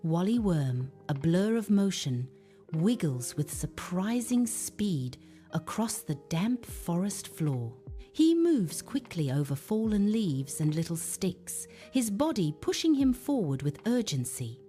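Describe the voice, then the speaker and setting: Woman, storyteller, mellow voice, lively pitch, faint background music. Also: slow pace. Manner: expressive, animated read-aloud. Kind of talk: children's Bible story narration.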